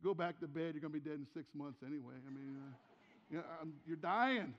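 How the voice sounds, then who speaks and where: An older male pastor with a high voice preaches in a church sanctuary, where long reverb trails his words. He keeps it conversational and throws out questions to the room, repeating his key lines for weight. The sound is dull and lo-fi. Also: fast talker. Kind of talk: sermon.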